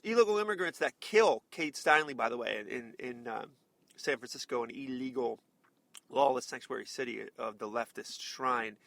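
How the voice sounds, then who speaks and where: A man's voice: mid-range voice, vocal fry, pushed and bright, dry recording. Combative, sarcastic male talk-show host. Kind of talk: opinionated political commentary.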